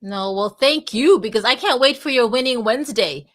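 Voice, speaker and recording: A woman's voice: a little high, normal speed, fairly bright tone. A woman hosts a casual live chat, talking openly and at length. She rambles and often restarts her sentences. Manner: rambling, candid, many restarts. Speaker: host of a live audio space.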